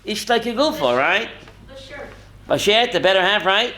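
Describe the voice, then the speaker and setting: A man's voice: high voice, lively intonation, moderate pace, bright, forceful tone. A man, a rabbi, teaching a Torah class who quizzes his listeners by name and tells stories with feeling. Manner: emotional storytelling, mixes in Yiddish and Hebrew words.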